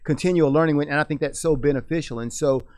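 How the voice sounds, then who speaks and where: A middle-aged radio host whose voice sits fairly high for a man. He talks fast and earnestly, restarting his sentences as he lays out his points. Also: darkish tone. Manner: earnest, rapid, with many restarts. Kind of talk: conversational discussion.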